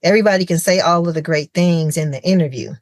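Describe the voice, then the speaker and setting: A woman, a childcare center owner on a podcast as a guest, telling stories in a lively way and acting out what people said. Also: lowish voice, fast talker, dry recording. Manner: animated storytelling, acting out quoted dialogue. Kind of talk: casual conversational interview.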